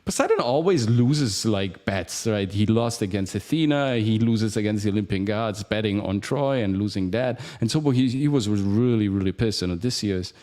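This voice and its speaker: A man hosting a casual live stream, retelling a Greek myth in an animated, theatrical way with many "right?" asides and an Italian accent. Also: on the low side, moderate pace, few pauses. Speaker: acting coach and show host.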